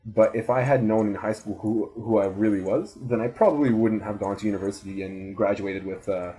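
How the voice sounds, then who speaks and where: A young man in his twenties talks straight at one listener in a loose, rambling monologue. His voice sits a little low, and he swears freely while repeating his points for emphasis. It sounds like an off-the-cuff recorded message of advice. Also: fairly even intonation, brisk, mellow, rough recording. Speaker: student giving advice. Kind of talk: casual motivational monologue.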